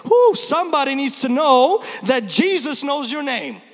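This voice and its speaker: A pastor in his thirties, his voice very high for a man and a bit bright, delivers a very animated Easter sermon. He hammers his points with emphasis before slipping into quick, humorous asides. Long reverb trails after him in a large church hall.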